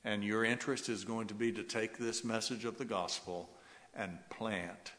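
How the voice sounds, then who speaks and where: A man preaching a sermon, swinging from loud rising exhortation to hushed, soft passages. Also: on the low side, fairly even intonation, moderate pace, big-room sound. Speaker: pastor.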